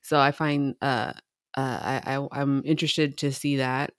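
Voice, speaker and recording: A woman's voice: rumbling low, steady tone, a little slow, dry recording, clean studio sound. A woman co-hosting a casual podcast, rambling and hesitant with many fillers as she thinks aloud. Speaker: podcast co-host. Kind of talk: casual chat.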